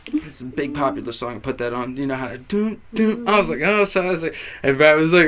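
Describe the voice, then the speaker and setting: A young man with a slightly high voice tells a rowdy story in relaxed conversation. He swears freely and acts out the people he quotes. His voice swings from loud bursts to quiet asides. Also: fast talker. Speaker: guest. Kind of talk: casual chat.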